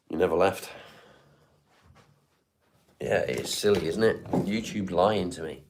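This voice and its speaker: Low-voiced man chatting. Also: slow pace, pauses often, noisy background. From North West England. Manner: laid-back, sighing, hums to himself between comments. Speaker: livestream host. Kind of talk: casual livestream chat, reading and answering viewer comments. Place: at home.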